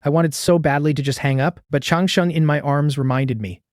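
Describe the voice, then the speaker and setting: A man's voice: fairly high pitch, fairly quick, hardly any pauses, dry recording, clean studio sound. A man narrating a first-person story in a subdued, sorrowful manner.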